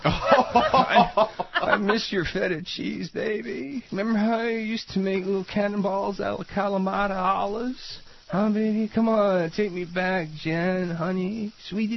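A man's voice: high-pitched, vocal fry, muffled recording, voice pushed up, heavily acted. A man doing a drunk, pleading movie star. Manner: pleading, rambling, self-pitying. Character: drunk, whiny male movie star on late-night call.

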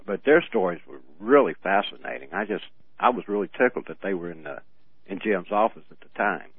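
A man's voice: on the low side, very animated, creaky, breathy edge. Rambling man on tinny radio audio. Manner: rambling storyteller, halting restarts, laughs often. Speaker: radio co-host. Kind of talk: casual radio chat.

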